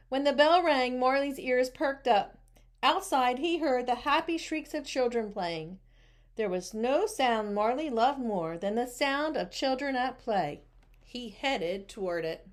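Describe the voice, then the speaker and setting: A woman reading a picture book aloud, expressive and talking to the listeners with questions. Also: sits high, a little slow. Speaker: storybook reader.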